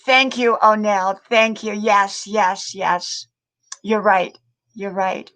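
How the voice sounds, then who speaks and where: Chatty grandma hosting a livestream. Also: female voice, mid-range voice, steady tone, takes it slowly, fairly bright tone, low-quality recording. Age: older. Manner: chatty, greets viewers by name, repeats words. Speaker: livestream host. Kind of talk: casual live-stream chat.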